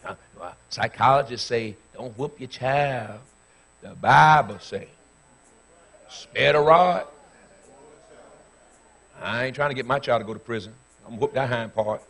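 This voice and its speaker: A pastor in his fifties preaching a sermon, telling stories with bursts of shouting before moving into a fervent prayer. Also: mid-range voice, slightly rough. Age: 50s.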